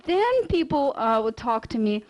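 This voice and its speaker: High-voiced woman telling a lecture story. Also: unhurried, low-quality recording. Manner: animated, acts out quoted dialogue. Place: lecture hall.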